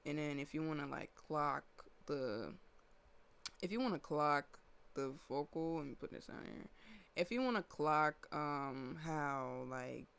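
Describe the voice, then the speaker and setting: A man's voice: fairly high pitch, unhurried, gravelly, a bit bright, smooth. A man casually walking through his own song, talking in a loose, slangy way with lots of fillers and restarts. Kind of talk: casual walkthrough of a music session.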